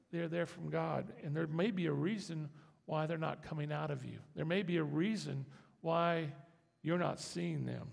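High-voiced preacher in a reverberant hall. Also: male voice, vocal fry, darkish tone. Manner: folksy, conversational preaching with rising emphasis. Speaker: pastor. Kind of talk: sermon. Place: church.

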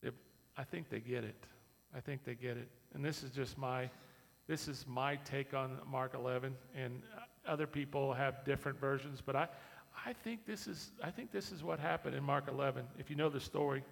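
A man preaching a sermon as a pastor, in a lively, conversational and repetitive way. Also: medium pitch, normal speed, gravelly, few pauses. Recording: reverberant hall.

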